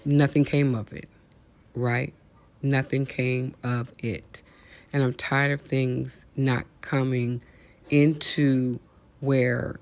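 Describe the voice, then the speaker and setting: Outraged man with a gravelly voice. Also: medium pitch. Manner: outraged, preachy, rhetorical questions. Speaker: host. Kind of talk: impassioned monologue.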